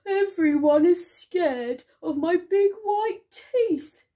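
A teacher putting on a friendly young shark who only wants to play, from a read-aloud picture book. He sounds eager and pleading, pitched high with a lot of swing in his voice and an unhurried pace. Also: big pitch swings, a little mellow, heavily acted. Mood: wailing.

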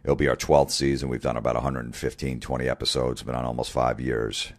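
A podcast host with an extremely deep, low voice talks casually and bluntly. He swears constantly, trips over fillers and restarts, and gets worked up as he goes. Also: a little fast. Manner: blunt and heavily profane, with many fillers; excitable, gets fired up.

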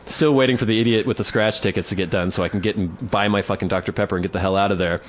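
A man's voice: on the low side, steady tone, racing. A man co-hosting a podcast, telling a story in casual chat, acting out quotes and swearing freely. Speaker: podcast co-host.

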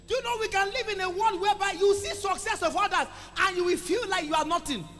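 A man preaching a sermon to a congregation, calling for responses and swinging between loud exclamations and quiet asides. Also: extremely high pitch, quick pace. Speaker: pastor. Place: church hall. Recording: echoey church hall with music.

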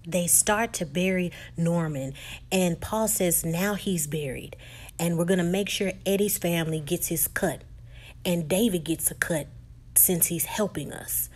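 Husky woman recapping a film. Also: lowish voice, measured pace. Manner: conversational, animated retelling with restarts. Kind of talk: casual movie recap.

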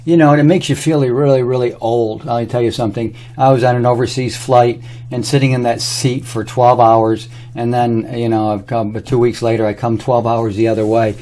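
A man presenting a health product talks casually to camera, demonstrating it on his own body as he rambles through anecdotes. His mid-range voice is warm but flat in delivery, at a normal speed.

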